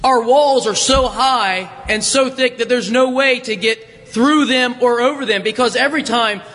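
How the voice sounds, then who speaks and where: A smug emissary bragging about his city's walls, as a man plays him. High, bright voice carried on hall echo. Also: normal speed. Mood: boastful. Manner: boastful, defiant. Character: smug male emissary of a walled city.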